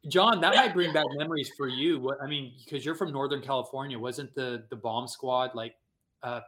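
A man's voice: mid-range voice, normal speed, pushed and bright. A man hosting a casual livestream podcast, chatting in a rambling, upbeat way and reading from the chat. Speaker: podcast host.

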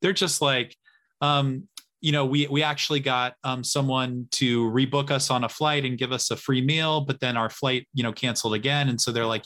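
A man's voice: mid-range voice, moderate pace, fairly bright tone. A man hosting a casual chat, rambling with many fillers and acting out quoted people. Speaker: podcast host.

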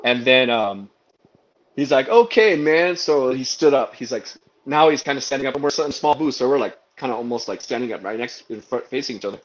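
Guy from guam telling a long story, lots of restarts, normal pitch, kinda muffled video call sound. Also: fast talker. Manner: animated, rambling, full of restarts and quoted dialogue. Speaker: guest, singer. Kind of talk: casual storytelling.

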